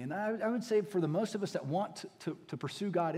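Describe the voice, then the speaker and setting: A man preaching a sermon as pastor, moving between hushed, intimate passages and rising, emphatic exhortation. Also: fairly high pitch, fast talker, hardly any pauses. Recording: long hall reverb.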